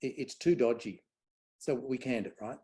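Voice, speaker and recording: A middle-aged man, a guest on event safety, telling anecdotes in a lively way and acting out quoted dialogue. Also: medium pitch, normal speed. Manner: animated storyteller, acts out quoted dialogue. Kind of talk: conversational anecdote.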